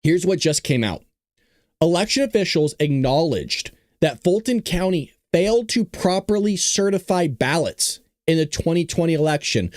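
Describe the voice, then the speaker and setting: A man's voice: on the high side, expressive, moderate pace, darkish tone, no room sound, studio quality. Sarcastic man hosting a news commentary show. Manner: sarcastic, laughs often. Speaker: host.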